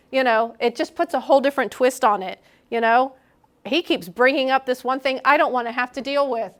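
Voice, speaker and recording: A middle-aged woman preaches to a young adults group in a candid, conversational way. She slips into little acted-out versions of her own inner voice as she talks. Her voice sits a bit high for a woman. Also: brisk, a bit bright. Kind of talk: sermon.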